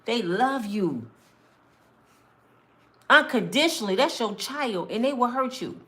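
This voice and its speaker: A woman delivers relationship advice like a street preacher. She is emphatic and conversational, often slipping into acted quotes. Her voice sits a little higher than most women's. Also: lively intonation, unhurried, pushed and bright. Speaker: relationship mentor. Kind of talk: preachy monologue to camera.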